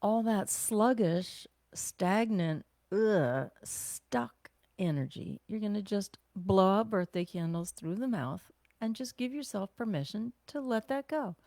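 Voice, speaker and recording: Woman self-care teacher, gentle guided-breathing delivery, unhurried, dry close sound. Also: medium pitch, lively intonation, no echo. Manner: gentle, conversational, with sighs and exhales.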